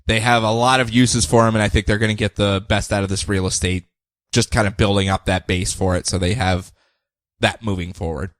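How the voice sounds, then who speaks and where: A man co-hosting a podcast who recaps comics in an animated, joking way, acting out scenes. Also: fairly low pitch, fairly quick, no echo, studio quality. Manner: animated, acts out scenes and laughs often. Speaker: podcast co-host.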